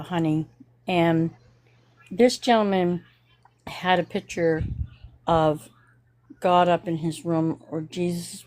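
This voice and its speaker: Slow-talking woman telling a story. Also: lowish voice, darkish tone. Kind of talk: casual storytelling chat.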